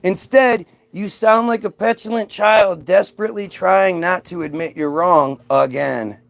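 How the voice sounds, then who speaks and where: A man's voice: high-pitched, unhurried, gravelly. Sarcastic man ranting at his viewers. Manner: sarcastic, combative, mocking. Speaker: streamer reacting to viewer comments. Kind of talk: ranting livestream commentary.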